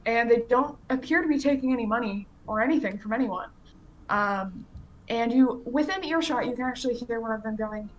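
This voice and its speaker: A woman's voice: on the high side, a little fast, dull audio, slight background noise. A woman running a tabletop game as game master, describing scenes casually with many fillers.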